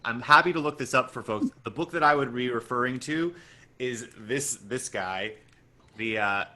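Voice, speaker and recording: A man's voice: medium pitch, moderate pace, bright, forceful tone. A man on a video call adding to a text study, starting hesitantly and then explaining with care. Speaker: study group member adding expertise.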